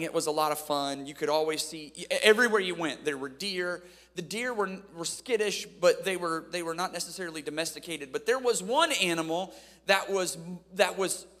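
Upbeat male preacher from Ohio, high-pitched, storytelling sermon with playful crowd asides, long hall reverb. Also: fairly bright tone. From Ohio, USA. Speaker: preacher at a youth camp.

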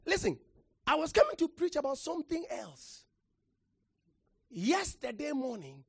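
Passionate preacher mid-sermon: high, swooping pitch, slow measured pace, calls for the crowd to answer back. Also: big pitch swings, creaky, dry recording, studio quality. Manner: impassioned, shouting for emphasis with sudden drops to quiet; calls for audience response.

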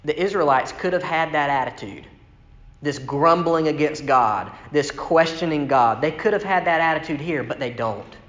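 A man's voice: on the high side, moderate pace, fairly bright tone. A man preaching a sermon in a conversational way, reading scripture aloud and acting out quoted complaints. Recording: echoey hall with long reverb.

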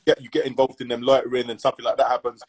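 A man, co-hosting a podcast in a laid-back, halting way full of slang and restarts. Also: medium pitch, flat delivery, darkish tone, husky, low-quality recording. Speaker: podcast co-host. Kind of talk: casual chat.

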